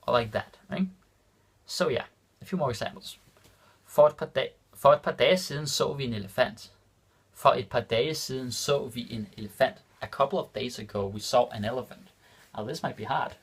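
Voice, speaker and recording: Male teacher, casual lesson delivery, slightly husky, slows down for examples. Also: medium pitch. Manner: repeats example sentences slowly, checks in with "right?". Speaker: language teacher. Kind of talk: casual lesson explaining grammar.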